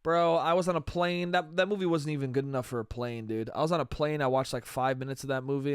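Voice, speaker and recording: A man's voice: medium pitch, fast talker, few pauses, clean tone, dry recording, clean studio sound. Rambling solo podcast man saying dude. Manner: rambling, says "dude" and "bro" a lot, swearing. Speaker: podcast host. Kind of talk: solo comedy podcast monologue.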